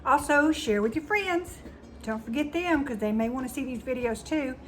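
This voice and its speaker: A woman's voice: high-pitched, normal speed, noisy background. A woman with a Southern US accent hosting a cooking channel, talking casually and emotionally to her viewers. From Southern United States. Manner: chatty and emotional, says y'all a lot. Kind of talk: casual chat to camera.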